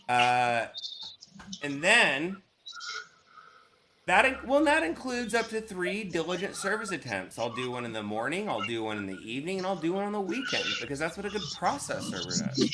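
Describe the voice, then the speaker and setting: A man's voice: a little high, very animated, moderate pace, noisy background. A man who works as a process server, telling rambling, profane stories over an online voice call. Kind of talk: casual group call chat.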